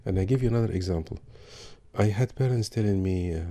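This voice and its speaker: A man giving calm parenting advice with examples. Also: fairly low pitch, fast. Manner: calm, advisory, gives examples. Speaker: parenting speaker. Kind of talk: talk on parenting.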